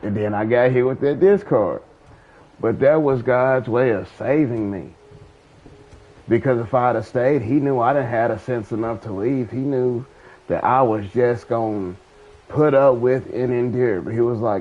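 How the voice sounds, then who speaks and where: On his gaming channel, a man speaks in an unhurried, medium-pitched voice, drawling and slangy as he talks casually about faith and a breakup, almost like giving testimony. It's a loose monologue over faint background music, captured on a streaming mic with a dull lo-fi sound.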